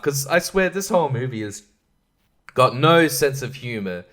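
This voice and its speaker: A man hosting a podcast rambles through a film review in a sarcastic, profane voice. He keeps chuckling at his own jokes, and his everyday voice sits at an ordinary middle pitch. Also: lively intonation, moderate pace, fairly bright tone. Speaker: podcast host.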